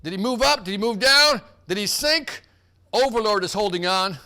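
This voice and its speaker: High, bright-voiced man hosting a quiz. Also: animated, moderate pace. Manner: hyped, joking, calls out players by name. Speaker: host of a sales team quiz. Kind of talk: energetic live quiz hosting.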